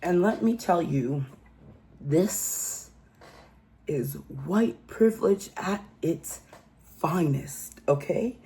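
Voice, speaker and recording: A woman's voice: fairly low pitch, animated, drawn-out words, pauses often, dark tone, a little hiss or hum. A woman giving a casual true crime commentary, telling the story emphatically and incredulously and often asking "okay?".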